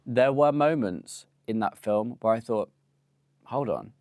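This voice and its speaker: A man's voice: medium pitch, a little slow, a little mellow, no echo, studio quality. A man in his late twenties hosting a comedic monologue with camp, playful, theatrical asides. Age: late 20s. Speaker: host.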